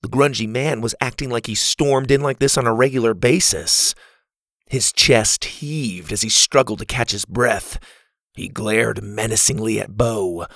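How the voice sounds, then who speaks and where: A man with a husky, gravelly voice narrating a children's adventure story in an animated, expressive way. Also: on the low side, unhurried, dry recording. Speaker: audiobook narrator.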